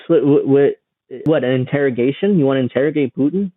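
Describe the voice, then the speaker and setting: A man's voice: medium pitch, animated, fairly quick, no room sound. A man giving casual, sarcastic reaction commentary on a news clip, mocking and swearing freely. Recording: dry, phone-like narrow sound.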